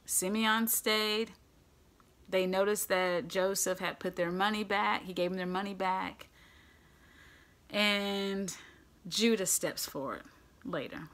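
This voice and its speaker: A woman preaching a sermon, retelling a story with lively, casual delivery and acting out the characters' lines. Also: fairly low pitch, vocal fry. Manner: animated, acts out characters in casual voices.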